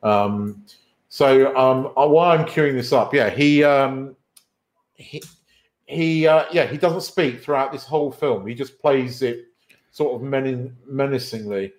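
A man's voice: medium pitch, measured pace. Rambling podcast host, man. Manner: rambling, self-correcting, swears casually. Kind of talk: casual film chat.

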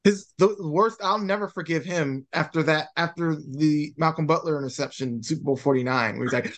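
A man's voice: a little high, normal speed, a bit bright. A man co-hosting a sports podcast, speaking emphatically in casual chat. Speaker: podcast co-host.

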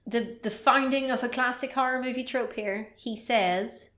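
On a podcast she co-hosts, a woman walks through the plot of a horror film in a lively, casual chat, complete with playful sound effects. Her voice is a little high and fairly bright, at normal speed, in an echoey room.

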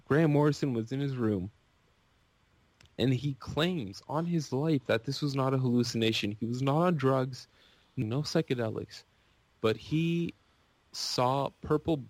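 A man on a podcast, rambling and gushing in an excitable casual rant. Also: medium pitch, no room sound.

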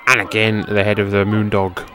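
British podcast host calling old wrestling footage. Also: male voice, fairly low pitch, moderate pace, a crowd in the background. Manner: relaxed, descriptive, with fillers. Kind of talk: play-by-play over archive footage.

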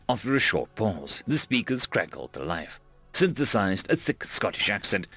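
A man's voice: on the low side, sing-song, normal speed, fairly bright tone, no echo, faint music behind. A man narrating a sci-fi story in a casual, offhand way. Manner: casual, fillers between voices.

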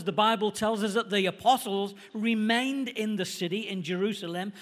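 Preacher, male, middle-aged, Manchester accent, brisk chatty delivery, fairly high voice, echoey church hall. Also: a bit bright. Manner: quick, conversational preaching, slowing for emphasis. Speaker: visiting pastor. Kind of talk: sermon.

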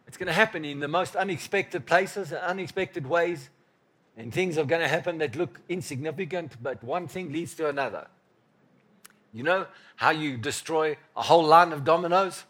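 Pastor guy preaching, slightly high voice, repeats himself, goes from loud bursts to soft murmurs. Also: normal speed. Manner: emphatic, repeats phrases, swings from loud bursts to quiet murmurs. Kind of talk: sermon.

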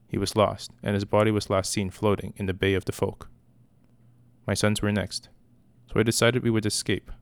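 Stern guarded mom, cold clipped answers, low gravelly voice, a guy reading her lines. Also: dry recording, lightly acted. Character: stern, guarded middle-aged mother in exile.

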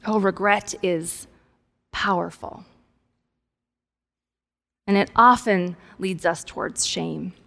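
A woman's voice: lowish voice, slow pace, gravelly, pauses often, sharp tone. A woman pastor preaching a sermon in a conversational, playful way with humorous asides. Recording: long hall reverb.

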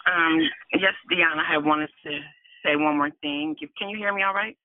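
A woman's voice: low-pitched, moderate pace, no echo. A middle-aged woman calling in to a prayer line, giving an earnest, breathless testimony with laughter between phrases. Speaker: caller sharing testimony. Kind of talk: emotional testimony on a prayer call. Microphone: phone. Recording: tinny, dry phone line.

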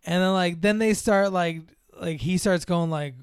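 A man's voice: high-pitched, moderate pace, smooth, no echo, studio quality. A man in casual chat recapping a film's plot, rambling with lots of fillers and acting out the characters' lines.

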